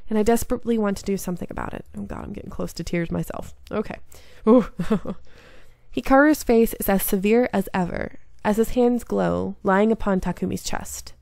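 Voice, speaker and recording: A woman reading a story game aloud in an earnest, invested way. Her mid-range voice has a gravelly fry to it. The sound is dry and close. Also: mid-range voice, a little mellow, dry recording. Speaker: game streamer.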